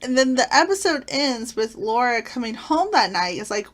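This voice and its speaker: A woman's voice: a little high, big pitch swings, normal speed. A woman casually reviewing favorite sitcom episodes, retelling plots with enthusiasm and frequent fillers. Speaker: channel host.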